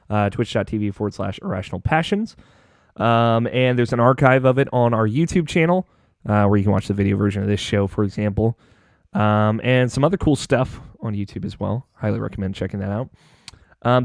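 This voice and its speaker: A man's voice: medium pitch, vocal fry, no room sound, clean studio sound. A man hosting a gaming podcast, chatting casually and rambling with lots of fillers and restarts. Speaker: podcast host.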